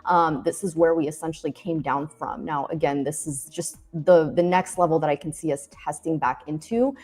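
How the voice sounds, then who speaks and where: A woman's voice: sits low, steady tone, moderate pace, darkish tone. A woman co-hosting a live trading stream, explaining chart levels step by step in a friendly, casual way. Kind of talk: casual market commentary.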